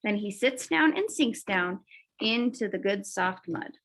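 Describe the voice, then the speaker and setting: A woman teacher reading a children's picture book aloud, expressive, adding little asides to young listeners. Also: mid-range voice, unhurried. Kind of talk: children's storybook read-aloud.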